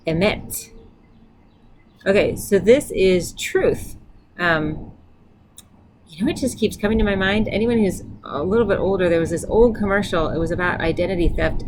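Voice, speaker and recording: A woman's voice: medium pitch, moderate pace, darkish tone, slight background noise, poor audio. A middle-aged woman teaching a casual vocabulary lesson, repeating each word aloud and adding chatty asides. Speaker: language teacher. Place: indoors by a sunny window.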